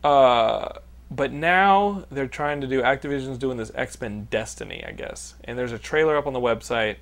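This man from Texas, in his thirties, hosts a casual podcast where he tells rambling, profane stories while laughing. His gravelly voice sits at medium pitch, and he speaks at normal speed.

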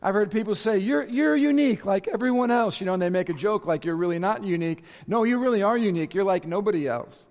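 A male pastor preaches to his congregation in a high, bright-sounding voice. He talks with energy, driving his points home, sometimes shouting, and slips in playful asides. His voice rings with the long reverb of a large church hall. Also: fast talker, hardly any pauses. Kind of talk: sermon.

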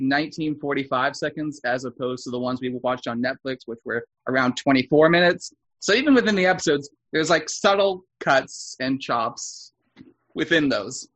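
A man with a somewhat high voice leads a casual podcast conversation. He keeps the discussion moving and often repeats words as he restarts his sentences. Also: a bit bright. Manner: steers the talk, stammers on restarts. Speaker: podcast co-host.

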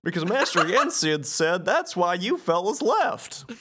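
A friendly, bumbling cartoon dog in a raised, good-natured voice, put on by a man. The pitch sits well above normal and moves a lot. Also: big pitch swings, unhurried, background noise. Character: goofy amiable cartoon dog.

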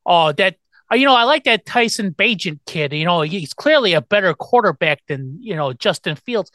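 A man imitating a know-it-all male sports-radio caller with a Chicago accent, ranting in a raised, higher voice. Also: expressive, normal speed, a bit bright, no echo, clean studio sound.

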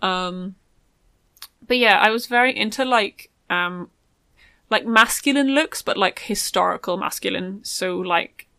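Young woman, casual rambling chatter full of fillers, bright voice, dry close sound. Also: medium pitch, measured pace, dry recording. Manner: rambling, many ums and likes. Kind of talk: casual chat.

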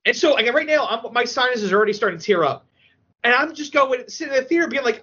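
A man chatting on a podcast, an emotional, excitable storyteller who talks with many fillers. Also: very high-pitched, fast, husky. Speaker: podcast guest. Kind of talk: casual podcast chat. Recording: dull lo-fi audio.

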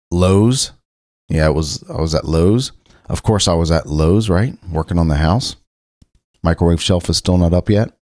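A man's voice: low-pitched, no room sound, clean studio sound. A man from Cincinnati, Ohio, hosting a casual solo talk show, rambling loosely with frequent restarts. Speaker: podcast host.

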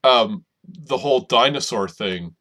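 A man co-hosting a podcast in casual chat, animated and steering the discussion. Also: mid-range voice, unhurried. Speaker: podcast co-host.

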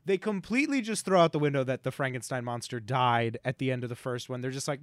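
A man's voice: mid-range voice, fast talker, dry recording, clean studio sound. A man co-hosting a podcast, rambling and joking casually, swearing now and then. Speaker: podcast co-host.

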